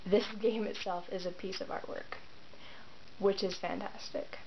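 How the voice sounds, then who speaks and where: A woman's voice: mid-range voice, steady tone, unhurried, slight background noise. A woman giving casual, admiring commentary on game art. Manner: admiring, enthusiastic. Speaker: art segment contributor. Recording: dull lo-fi mic.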